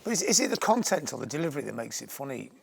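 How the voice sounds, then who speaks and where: A man's voice: medium pitch, very animated, very fast, vocal fry, slightly rough. A man hosting an interview, asking probing questions and giving brief prompts. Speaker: interviewer, host.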